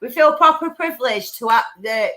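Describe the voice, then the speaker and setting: Bright, high-pitched woman co-host. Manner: chatty, enthusiastic, quick to laugh. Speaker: stream co-host. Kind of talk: casual chat on a live stream.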